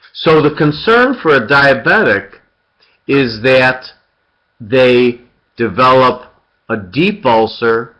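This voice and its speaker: A man's voice: mid-range voice, pushed and bright. A man giving an interactive surgery lecture, quizzing students by name and repeating key points. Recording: dull lo-fi lecture recording.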